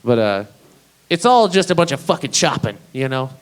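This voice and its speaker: A man's voice: mid-range voice, very animated, moderate pace, rough recording. Rambling, profane male stand-up comic. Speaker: stand-up comedian. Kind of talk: stand-up comedy set.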